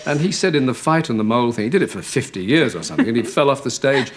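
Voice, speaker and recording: A man's voice: medium pitch, lively intonation, fast talker, crowd noise. A man hosting a talk show, asking genial questions with light teasing. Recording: 1980s TV studio with loud audience.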